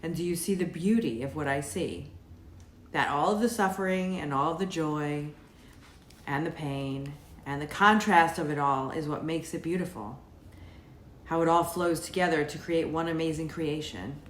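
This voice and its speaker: Wise female earth spirit, put on by a woman narrator; low, calm, lofty and urging, echoey room. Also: normal speed, a little hiss or hum, natural voice. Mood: serene.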